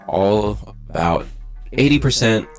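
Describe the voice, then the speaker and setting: A man's voice: fairly low pitch, expressive, a little slow, faint music behind. A young man hosting a podcast, rambling loosely and self-deprecatingly with plenty of swearing. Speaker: podcast host. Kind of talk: casual, profane podcast chat.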